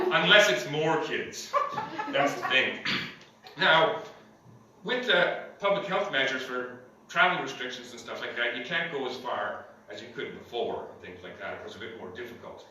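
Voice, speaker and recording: A man from Ottawa doing a stand-up comedy set in a comedy club, rambling through deadpan jokes with lots of fillers and chuckles. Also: fairly high pitch, noisy background. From Ottawa, Canada. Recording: echoey club heard from a distance.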